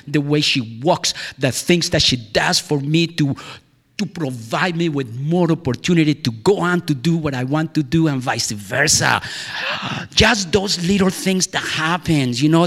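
A man rambling through a heartfelt personal monologue, veering from excited outbursts to hushed, near-whispered lines, with frequent laughs and exclamations. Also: on the high side, gravelly, breathy edge, long reverb tail. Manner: laughs often, sighs and exclaims.

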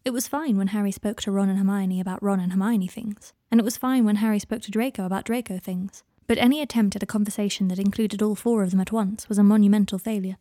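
A woman narrating a story in a gentle, soft reading voice, giving the characters their own voices. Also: medium pitch, steady tone, fast talker, few pauses, dry recording, clean studio sound. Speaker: fan fiction reader. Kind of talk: audiobook narration.

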